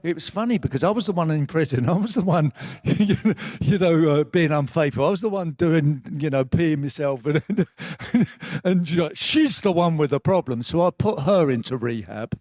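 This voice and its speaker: An older man from England speaks as a guest at a live event, rambling and swearing as he opens up. His voice sits a little high for a man and is recorded dry and close. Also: animated, normal speed, darkish tone, no room sound. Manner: candid, rambling, swearing, emotional at times. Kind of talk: live stage conversation.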